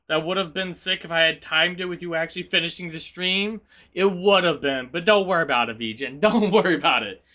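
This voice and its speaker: A man streaming live, chatting casually with his viewers in a chaotic, energetic way. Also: on the high side, fairly quick.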